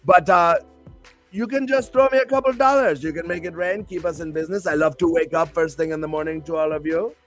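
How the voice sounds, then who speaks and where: A man's voice: on the high side, a little fast, faint music behind. A male host and pro wrestler chatting on a live stream show in a hyped, rambling, playful way.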